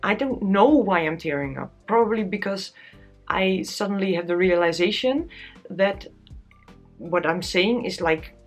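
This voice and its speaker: A woman's voice: mid-range voice, lively intonation, unhurried, soft background music. A young woman talking candidly to camera in a casual vlog, tearful and laughing at herself. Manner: candid, self-deprecating, often laughing. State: tearful, close to crying. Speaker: vlogger.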